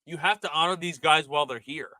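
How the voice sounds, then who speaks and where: Bright-voiced man, passionate sports podcast host. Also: a little high, fast talker, no room sound. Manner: passionate, rambling, heavy use of "like". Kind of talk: casual sports chat.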